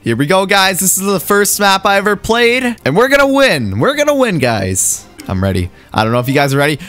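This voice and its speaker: Excitable young man, high voice. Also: fairly quick. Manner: excitable, yelps and laughs at mishaps. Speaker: gaming YouTuber. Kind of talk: excited gameplay commentary. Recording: faint game music underneath.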